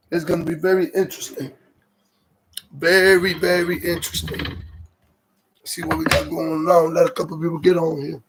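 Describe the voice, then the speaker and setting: A man's voice: a little high, a little hiss or hum. A man hosting a casual livestream, greeting viewers and repeating himself, growing heated and incredulous as he comments on a video. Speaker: livestream host.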